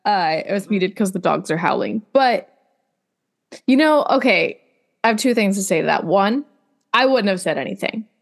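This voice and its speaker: A woman's voice: medium pitch, expressive, normal speed, creaky. A woman co-hosting a podcast over a remote call, chatting in a wry way that talks in circles. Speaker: podcast co-host. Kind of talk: casual chat.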